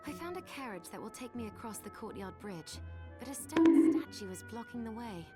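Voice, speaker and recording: A determined young heroine from a gothic video game, her voice a little high and earnest as she reports clues in a matter-of-fact way. Game music plays clearly behind her. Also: sing-song, normal speed.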